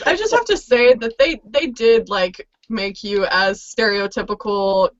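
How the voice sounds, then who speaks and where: A woman's voice: medium pitch, animated, measured pace. A chatty, giggly woman from Texas, hosting a casual online group chat. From Texas, USA. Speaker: host. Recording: dull lo-fi video call audio.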